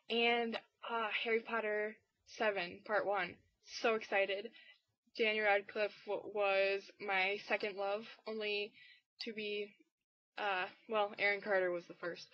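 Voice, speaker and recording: Tired teen girl vlogger, rambly and low-key, full of fillers, dry muffled webcam sound. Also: no room sound. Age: teens. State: tired and under the weather. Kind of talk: casual weekly vlog chat. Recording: dull, dry lo-fi webcam audio.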